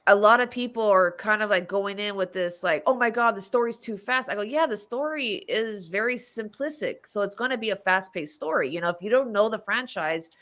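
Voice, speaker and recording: A woman's voice: mid-range voice, fairly quick, hardly any pauses, fairly bright tone. A woman hosting a podcast, chatting casually and rambling through a movie review, laughing often. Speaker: podcast host.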